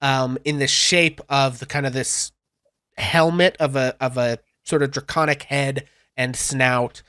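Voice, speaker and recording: A man running a tabletop game as game master, narrating in a loose, halting way with fillers. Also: mid-range voice, fairly even intonation, bright, forceful tone, clear, resonant tone, dry recording, clean studio sound.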